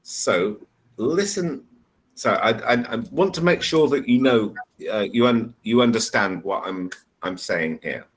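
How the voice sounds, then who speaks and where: A man gives a one-on-one online English lesson over a video call, patiently explaining with repeated examples. His voice is lowish with lively intonation and an unhurried pace. The recording is low quality.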